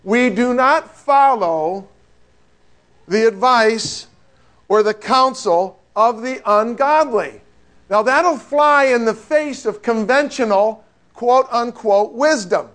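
High-voiced joking male preacher. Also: takes it slowly, fairly bright tone. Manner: conversational, joking, asks the listeners rhetorical questions. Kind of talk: sermon.

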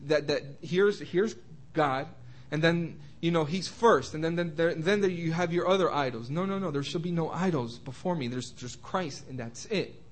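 Young male Bible teacher, slightly high voice, halting delivery with many restarts, slows for scripture. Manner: slows and rises to stress quoted scripture. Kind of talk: informal Bible study sermon.

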